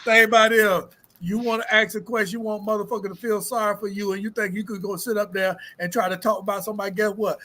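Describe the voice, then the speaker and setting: A man co-hosting a podcast, talking loudly and emphatically with lots of swearing. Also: high voice, little pitch movement, quick pace, few pauses. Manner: loud, emphatic, repeats "so guess what". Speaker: podcast co-host. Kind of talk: casual chat.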